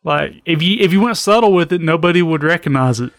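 A man's voice: a little high, lively intonation, quick pace, fairly bright tone, no echo. Blunt man co-hosting, dry close sound. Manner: blunt, profane, easygoing. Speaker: podcast co-host. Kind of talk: casual chat.

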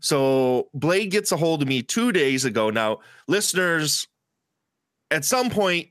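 A man's voice: on the high side, animated, slow, fairly bright tone, no echo, clean studio sound. A man co-hosting a podcast in a crude, joking chat, swearing freely and laughing often. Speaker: podcast co-host.

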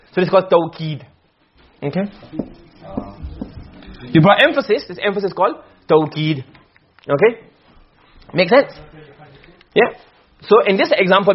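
Guy teaching a class, high voice, keeps asking "okay?", muffled recording. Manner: repetitive, checks understanding often. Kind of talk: classroom lesson explaining a text. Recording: dull lo-fi recording.

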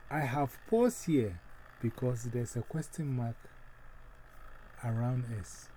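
A man's voice: mid-range voice, takes it slowly, long pauses, warm tone, slight background noise, rough recording. A man hosting a devotional, leading a prayer and giving solemn encouragement, switching between English and Twi. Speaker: devotional radio host.

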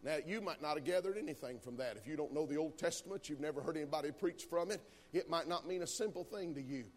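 A man preaching a sermon, moving between calm storytelling and loud, fervent climaxes. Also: fairly high pitch, fast.

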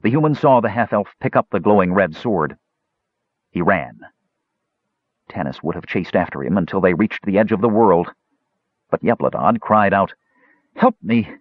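A man narrating a fantasy story in a dramatic, expressive reading. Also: deep voice, normal speed, long pauses, no room sound, narrow, tinny audio. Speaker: audiobook narrator.

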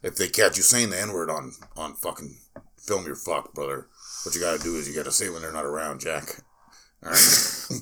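A man's voice: very deep voice, normal speed, bright, forceful tone, pitched below the performer's own voice, heavily acted. A man doing a brash old pro wrestler. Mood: defensive. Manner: drawling, says "brother" every line. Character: older male pro wrestler, brash, calls everyone brother.

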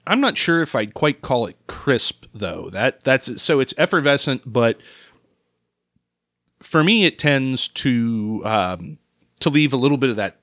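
A man co-hosting a casual beer tasting podcast, correcting the others in a dry, deadpan way. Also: medium pitch, no room sound. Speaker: podcast co-host.

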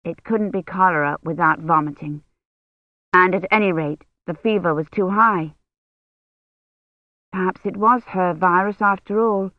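Audiobook narrator, measured reading, mid pitch, muffled lo-fi, dry close sound. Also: dry recording. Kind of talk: scripted narration.

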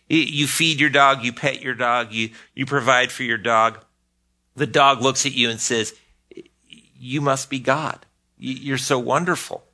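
A man's voice: a little high, pushed and bright. An older man preaching a sermon as pastor, earnest, often repeating a word as he starts a phrase.

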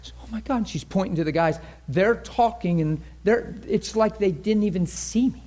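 A man's voice: sits high, normal speed, a little mellow. A man preaching a sermon to a congregation, telling a story in an earnest, conversational way and acting out the voices of the people in it. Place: church in front of a congregation.

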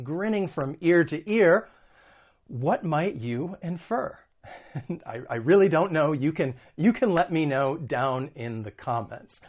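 Patient man teaching English vocabulary, slightly higher voice. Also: muffled recording. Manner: patient, explains slowly with examples. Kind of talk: online video lesson.

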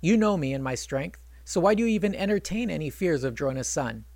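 A man's voice: a little high, animated, a little fast, gravelly, a little mellow, no echo. A man voicing a hot-tempered warrior prince who talks bluntly and boasts, in a spoken storytelling retelling. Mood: scolding.

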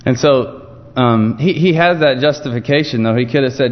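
A man preaching an informal evening sermon, telling a Bible story in a relaxed, conversational way. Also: medium pitch, moderate pace. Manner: conversational, storytelling with frequent restarts. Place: church sanctuary. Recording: dull muffled sound with long church reverb.

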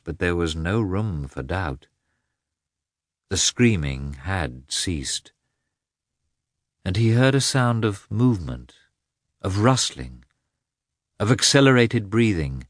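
Low-voiced guy reading an audiobook, slow and dry, close mic. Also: sing-song, no echo. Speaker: audiobook narrator. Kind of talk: scripted narration.

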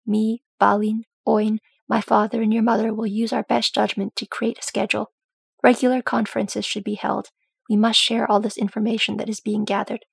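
A woman's voice: fairly high pitch, gravelly, breathy edge, dry recording, exaggerated voice. A woman voicing a stern, loving old male dwarf lord who speaks to his son in a firm, commanding way.

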